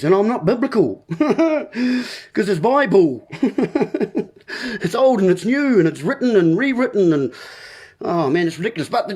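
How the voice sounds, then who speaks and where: A man's voice: high voice, a little mellow, slightly rough. A man delivering a rambling monologue as host, full of playful wordplay and talking straight to the listeners as folks.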